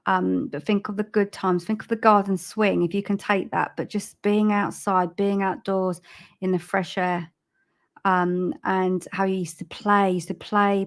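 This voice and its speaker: A woman giving a live-streamed psychic reading, soft and halting, with frequent ums and repeated phrases. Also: on the low side. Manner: laughs at herself over tech trouble. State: choked up with emotion. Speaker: psychic medium.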